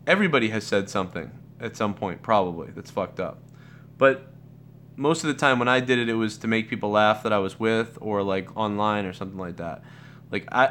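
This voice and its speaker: A man with a lowish, fairly bright voice hosts a live Q&A stream, talking casually and profanely as he rambles, restarts, and fills gaps with filler words. A little hiss or hum runs under the audio.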